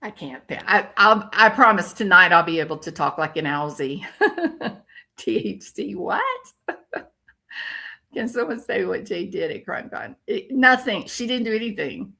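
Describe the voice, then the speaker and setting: An older woman with a bright, crisp voice talks casually on her livestream. She rants about online drama and stops to react to what her viewers type, in a loose, chatty way. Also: fairly low pitch, expressive, measured pace, long pauses. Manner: ranting, reacting to viewer comments. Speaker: true crime commentary host.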